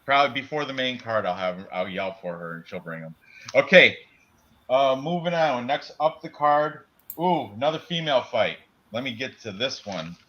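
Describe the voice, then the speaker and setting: Bright-voiced man chatting fight picks. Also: medium pitch, big pitch swings, normal speed. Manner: rambling, lists fighters, stumbles over names. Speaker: betting podcast co-host. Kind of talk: casual live-stream sports betting chat. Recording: dull lo-fi stream audio.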